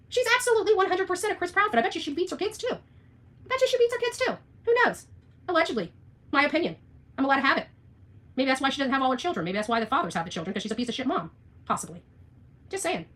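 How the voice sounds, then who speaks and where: A woman vlogger rants straight to her audience, blunt, sarcastic and freely profane. Her voice sits a little high and sounds bright and cutting. She talks quickly, firing off jabs one after another. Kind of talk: ranting livestream vlog.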